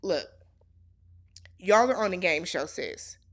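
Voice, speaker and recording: A woman's voice: lowish voice, expressive, slow pace, a bit bright. A woman hosting a casual reality show recap, sassy and speaking straight to the cast as if they could hear her.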